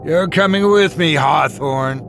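A man's voice: on the high side, a little slow, creaky, over music, voice pushed up. A man voicing a brash, cruel teenage boy bully in a spoken horror story, taunting and snarling. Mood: maniacal.

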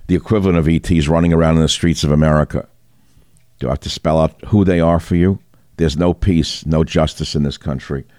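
He has a very deep, dark voice, recorded dry in a clean studio. Hosting a talk radio show, he launches combative, indignant news commentary and keeps hitting listeners with rhetorical questions.

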